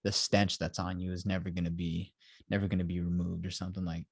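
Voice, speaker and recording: A young man hosting a casual review chat, retelling scenes in an animated way and acting out the characters he quotes. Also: deep voice, fast, gravelly, slightly rough, no echo. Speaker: show host.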